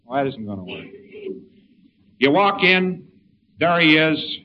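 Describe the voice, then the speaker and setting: A man's voice: fairly high pitch, sing-song, unhurried. Folksy man lecturing on dull old tape. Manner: folksy, rambling, wry asides. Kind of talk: informal lecture to an audience. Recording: dull lo-fi recording with faint hiss.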